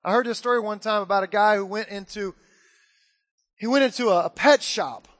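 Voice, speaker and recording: Man, pastor, animated sermon; high-pitched voice with long reverb from the hall. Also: brisk. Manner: animated storytelling with acted-out quotes.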